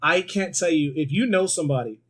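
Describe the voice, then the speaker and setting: A podcast co-host tells stories in casual chat, animated and swearing freely as he acts out quoted voices. His voice is a little high and his pace a little fast.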